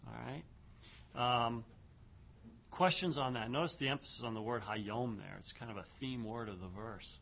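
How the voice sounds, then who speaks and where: Lo-fi recorded man teaching Hebrew grammar. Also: mid-range voice. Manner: reads Hebrew aloud slowly, then translates and explains grammar; frequent "okay", "um" and "notice", conversational. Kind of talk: classroom lecture reading and parsing Hebrew. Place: classroom. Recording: dull lo-fi classroom recording.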